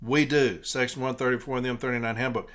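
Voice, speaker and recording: A man's voice: mid-range voice, steady tone, fast, a bit bright. Male podcast host, mid-range voice, rallying and profane, repeats for emphasis. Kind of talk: fired-up podcast monologue.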